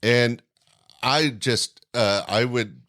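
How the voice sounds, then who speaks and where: A man hosting a podcast, reflecting on what the guest said in a measured, thinking-aloud way. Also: medium pitch, pushed and bright. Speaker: podcast host. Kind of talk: conversational interview commentary.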